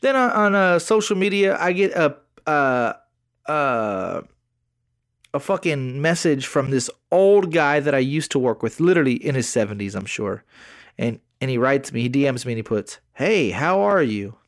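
A man's voice: medium pitch, moderate pace, no echo, clean studio sound. A man, co-hosting a podcast in casual chat, telling stories with swearing and mock voices. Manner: animated storyteller, acts out texts in mock voices, swears freely. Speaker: podcast co-host.

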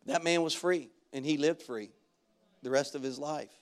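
A male pastor delivering a sermon with a fairly high-pitched voice. He preaches in a loose, storytelling way with casual slang and now and then breaks into loud, energetic shouts. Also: moderate pace. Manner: animated preaching that jumps into loud shouted bursts. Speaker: guest pastor.

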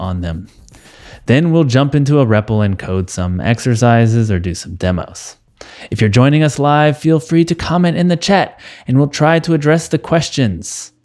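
A man from the United States hosting a casual panel podcast, upbeat and quick to laugh. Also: mid-range voice, darkish tone. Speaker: podcast host.

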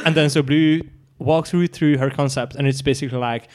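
A man's voice: mid-range voice, level tone, fairly quick, hardly any pauses, darkish tone. A man co-hosting a podcast, chatting casually and playfully, laughing often and acting out quotes. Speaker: podcast co-host. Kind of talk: casual chat recapping a TV show.

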